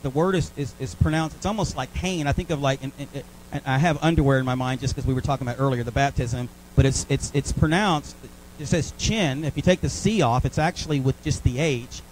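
A man's voice: a little high, a little mellow, a little hiss or hum, poor audio. A man with a Southern US accent preaching a sermon in church, often checking in with the congregation with "right?" and "okay?". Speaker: pastor. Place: church sanctuary.

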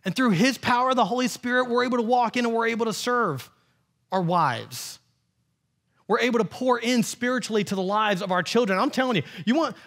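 A man in his thirties, a pastor preaching a lively sermon and acting out quotes in playful voices. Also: very high-pitched. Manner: animated, acts out quotes in funny voices. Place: church sanctuary.

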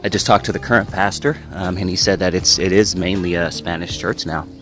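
A man talking casually as he walks and films, reminiscing and sometimes dropping to a hush. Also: low-pitched, steady tone, fairly quick, over music. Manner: reminiscing, hushed at times. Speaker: vlogger. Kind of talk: casual walking vlog.

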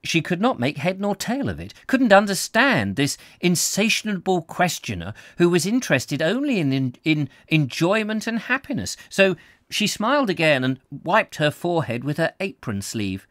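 A man narrating a novel in an expressive reading with small slips. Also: high voice, moderate pace, no echo, clean studio sound. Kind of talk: audiobook reading.

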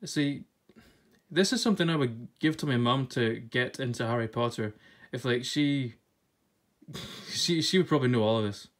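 Chatty young Scottish man. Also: mid-range voice. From Scotland. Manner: chatty, laughs often, reads aloud haltingly. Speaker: vlogger. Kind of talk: casual unboxing chat.

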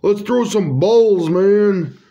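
A man voicing a pushy, rude male Easter Bunny who taunts loudly in slang. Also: high-pitched, expressive, takes it slowly, lo-fi sound, heavily acted. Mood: taunting.

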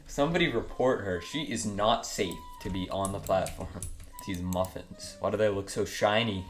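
Crude joking young man, low voice. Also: moderate pace, faint music behind. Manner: joking, mocking, crude humor. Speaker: gaming YouTuber. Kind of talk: trolling gameplay commentary.

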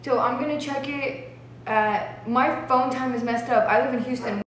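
A woman's voice: high-pitched, normal speed, reverberant, a little hiss or hum. A young woman on a live stream who talks anxiously and keeps repeating short phrases. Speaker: livestreamer.

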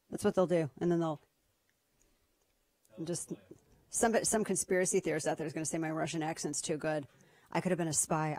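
A woman's voice: lowish voice, no room sound, studio quality. A woman hosting a political talk radio show, speaking casually with a sarcastic, mocking edge. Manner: sarcastic, mocking, lively asides.

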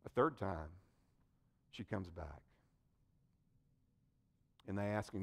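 A man preaching a sermon, telling the story in an animated way and addressing his listeners directly. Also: low-pitched, takes it slowly, husky. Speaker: pastor.

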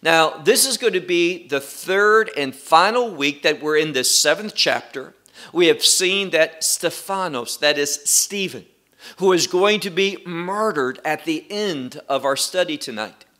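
A man teaching a Bible study lesson, speaking deliberately with emphatic pauses. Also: on the high side, expressive, bright, forceful tone.

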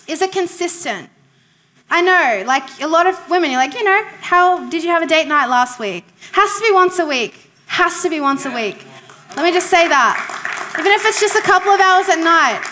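Bright-voiced woman preaching a sermon. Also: extremely high pitch, animated, normal speed. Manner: conversational and emphatic, asks the congregation questions; repeats key phrases for emphasis. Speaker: pastor.

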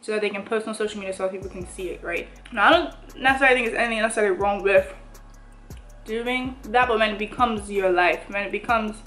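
A woman's voice: medium pitch, quick pace, fairly bright tone, faint music behind, poor audio. A young woman from Bermuda, vlogging and chatting casually while she eats, rambling and rephrasing as she goes. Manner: rambling, restarts and rephrases her thoughts. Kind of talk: casual chat while eating.

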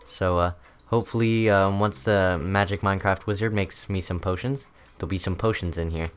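A man's voice: sits low, steady tone, normal speed, clear, resonant tone. A young man hosting a gaming video, chatting loosely through his gameplay with lots of ums and uhs. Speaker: gaming channel host. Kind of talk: casual gameplay commentary.

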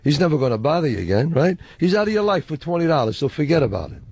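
A man acting out a calm, philosophical older mobster who soothingly talks a young man out of violence. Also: a little high, very fast, gravelly, slightly rough, no echo, exaggerated voice. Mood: calm advice. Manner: soothing, reasoning. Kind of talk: acting a film scene aloud on radio.

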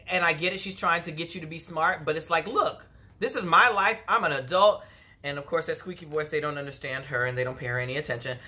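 Sassy and full of opinions, this vlogger chats through a gossipy episode recap peppered with "like" and "you know." Her voice sits at medium pitch and comes across bright and forceful.

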